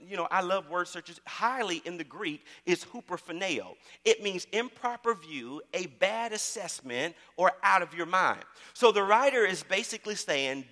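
A man preaching a sermon in a church, calling out to the congregation and repeating phrases as he builds to shouts. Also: high voice, big-room sound. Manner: call-and-response preaching, repeats words, rising to shouts. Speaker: pastor.

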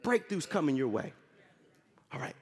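A man preaching a sermon as pastor with energetic call-and-response, prompting the congregation often. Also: fairly high pitch, moderate pace, in a large hall. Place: large church hall.

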